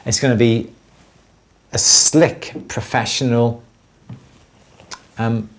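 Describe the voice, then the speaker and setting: A man co-hosts a casual jewellery livestream with a mid-pitched voice. He talks in a loose, rambling way, often restarting and repeating his words. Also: fairly even intonation, takes it slowly.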